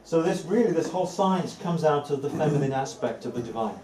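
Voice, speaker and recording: Speaking earnestly to a group at an evening gathering indoors, this spiritual teacher leans on repeated words for emphasis and slips in light laughs at times. His pitch sits on the high side, his tone is darkish, and he talks a little fast with lively intonation. The recording is distant and off-mic in an echoey room, with faint background noise.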